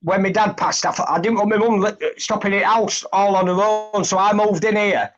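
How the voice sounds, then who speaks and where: A man's voice: high-pitched, steady tone, normal speed. A man chatting on a live stream, blunt, sweary and grumbling. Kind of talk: casual live chat. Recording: dull lo-fi stream audio.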